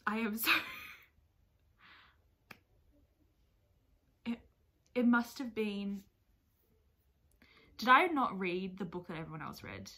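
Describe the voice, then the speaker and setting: Bright-voiced, expressive woman book vlogger. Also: mid-range voice, extremely slow, pauses often. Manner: expressive and chatty, swears freely. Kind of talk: casual reaction vlog. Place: at home with her dog nearby.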